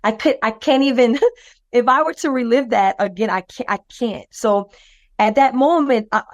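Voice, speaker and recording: With a slightly high voice at a normal speed and no room sound, a woman co-hosting a podcast tells a rambling personal story. She uses many fillers and restarts and animatedly mimics the voices of the people in it.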